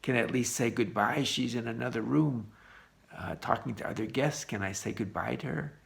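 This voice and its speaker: A man's voice: medium pitch, normal speed, vocal fry, a bit bright. A man playing a young newlywed groom who pleads and stumbles over his words. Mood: pleading. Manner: pleading, hesitant.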